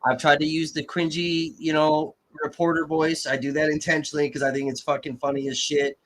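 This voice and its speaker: A man's voice: fairly high pitch, level tone, brisk, a bit bright, slight background noise. A man hosting a live stream, reacting to court footage in an agitated, constantly swearing rant. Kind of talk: profane live-stream commentary.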